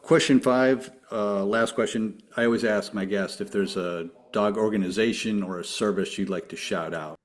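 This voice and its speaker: A man's voice: on the low side, steady tone, moderate pace, hardly any pauses. A man hosting a podcast, putting numbered questions to his guests and laughing often. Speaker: podcast host. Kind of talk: casual interview chat.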